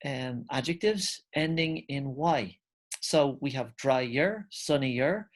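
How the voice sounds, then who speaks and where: A man teaching English grammar in an online video lesson, explaining step by step in a relaxed way and calling his viewers "guys". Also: fairly high pitch.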